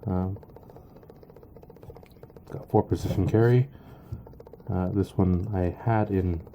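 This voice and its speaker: Hesitant deep-voiced man. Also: fairly even intonation, dark tone, slight background noise. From Canada. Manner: hesitant, halting, full of ums and uhs. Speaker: knife reviewer. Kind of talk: casual product review.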